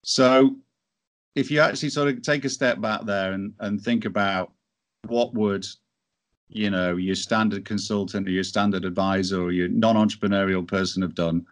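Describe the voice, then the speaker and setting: A man's voice: lowish voice, fairly even intonation, normal speed. A man telling a business story as an interview guest, in a chatty way with many restarts. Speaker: entrepreneur guest.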